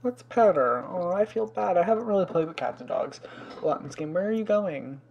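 A man's voice: high-pitched, expressive, a little fast, gravelly, a little mellow, highs cut off. A young man hosting a life-sim let's play in casual commentary, chatty and fussy, exclaiming often and scolding the game's pets.

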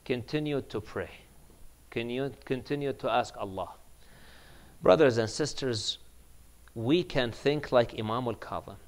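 A man giving a sermon, moving between hushed grieving tones and loud, emphatic preaching, with Arabic devotional phrases woven in. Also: medium pitch, unhurried, long pauses. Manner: swings from hushed, near-whispered grief to loud, emphatic preaching. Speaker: imam giving a majlis sermon.

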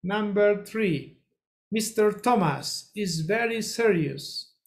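Slow, drilling English teacher. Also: medium pitch, lively intonation. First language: Spanish. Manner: slow, repetitive drilling, calls on students. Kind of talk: classroom English lesson. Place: school classroom with children.

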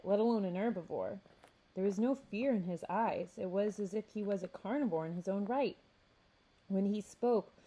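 Mellow-voiced woman reading a story aloud. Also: mid-range voice, low-quality recording. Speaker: youth services librarian.

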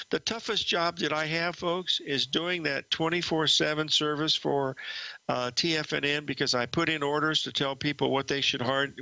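A man's voice: on the high side, vocal fry, sharp tone, no echo, rough recording. An older man hosting a trading show, telling a rambling story from his trading days with many fillers and restarts. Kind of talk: storytelling market commentary.

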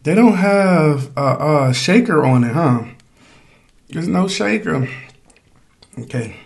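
A man's voice: on the high side, lively intonation, slow, gravelly. A man hosting a casual mukbang food vlog, chatting straight to his viewers in a loose, slangy way. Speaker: food vlogger.

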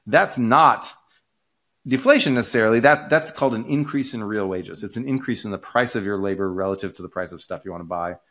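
A man with a fairly low voice explains economic ideas casually, like a laid-back podcast host. He's brisk, rambling and restarting sentences with lots of fillers, and he speeds up when an idea excites him.

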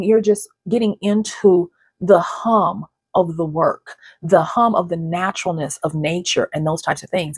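A woman hosts her own channel, talking to camera in casual, digressive commentary with frequent restarts and repeated words. Her voice is on the low side, a little mellow with a breathy edge, in clean studio sound with no room sound.

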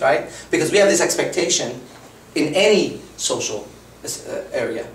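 A man's voice: on the high side, expressive, normal speed, slight background noise. A man in his thirties, a dating coach giving a live lecture in a blunt, profane, conversational way. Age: 30s. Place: lecture room. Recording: roomy, far from the mic.

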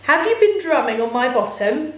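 A woman voicing a little boy robot who has lost his bottom, pleading in a high squeaky voice in a storybook reading. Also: very animated, moderate pace, fairly bright tone, roomy sound. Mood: distressed.

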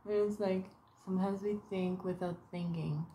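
A woman's voice: lowish voice, steady tone, normal speed, dark tone, a little hiss or hum. A woman talking to camera in a rambling, profane vlog monologue, drifting between topics and slipping into little put-on voices. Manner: profane, wandering, puts on voices in quotes. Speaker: vlogger. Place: sitting at home.

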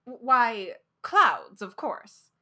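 A woman's voice: on the high side, big pitch swings, drawn-out words, pushed and bright, heavily acted. A woman doing a stammering young man. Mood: flustered. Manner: stammering, hesitant. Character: flustered young man, hesitant and shy.

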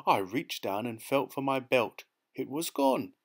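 A man reading a short story aloud as an audiobook narrator, in a measured, even manner. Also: medium pitch, husky. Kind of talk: scripted narration.

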